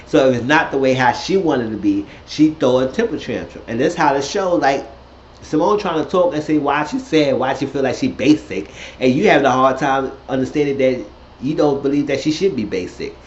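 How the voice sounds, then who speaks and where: A man casually recapping a reality show, animated and profane, often jumping into high shrieky voices for quoted lines. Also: moderate pace. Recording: roomy, dull lo-fi audio with faint hiss.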